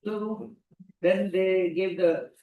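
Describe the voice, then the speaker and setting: A man's voice: high-pitched, steady tone, drawn-out words, phone-quality sound. Emphatic man lecturing in a roomy hall. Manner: emphatic, repeats key phrases. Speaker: guest lecturer. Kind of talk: lecture to students. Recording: roomy hall, distant mic.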